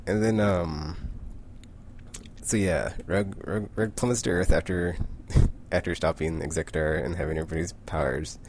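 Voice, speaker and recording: A man's voice: low voice, steady tone, moderate pace, darkish tone, slight background noise. A man casually recapping a comic book, rambling with lots of "like" and frequent self-corrections.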